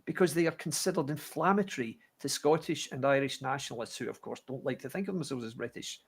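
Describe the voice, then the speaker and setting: A man's voice: mid-range voice, fast talker, vocal fry, slightly rough. A man giving emphatic, declamatory political commentary on a livestream. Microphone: livestream video call.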